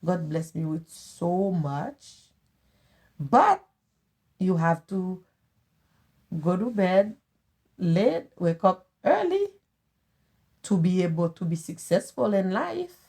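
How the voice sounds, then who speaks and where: A middle-aged Haitian woman with a Haitian accent, talking earnestly and haltingly as a guest in a family interview. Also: lowish voice, mellow. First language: Haitian Creole. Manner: earnest, halting, repeats phrases. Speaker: guest, host's mother.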